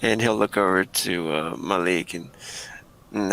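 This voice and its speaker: A man describing his character's actions in a tabletop game, pausing often with fillers. His fairly low voice is bright and gravelly. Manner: hesitant, many fillers. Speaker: player.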